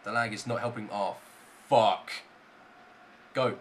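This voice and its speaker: A young man giving gameplay commentary, muttering low when calm and swearing loudly in bursts of rage at the lag. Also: takes it slowly, a little hiss or hum. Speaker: gaming YouTuber.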